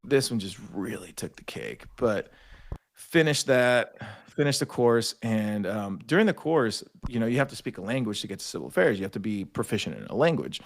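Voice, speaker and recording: Profane storytelling guy, lowish voice. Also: normal speed, creaky. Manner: profane, animated storyteller acting out quotes. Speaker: podcast guest, army veteran. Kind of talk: casual storytelling chat.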